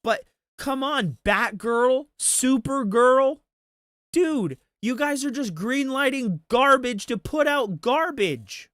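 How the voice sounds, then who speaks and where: A man's voice: very high-pitched, expressive, slow, a bit bright, dry recording, clean studio sound. A man ranting about movies on a casual commentary stream, swearing freely. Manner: profane, ranting.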